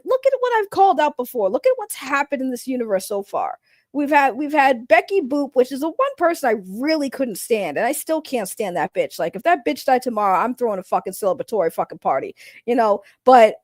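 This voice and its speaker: Woman, live-stream drama commentary, crude and mocking, high voice, dry sound. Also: very animated, brisk, a little mellow, no echo. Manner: profane, blunt, mocking. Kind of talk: casual live-stream rant.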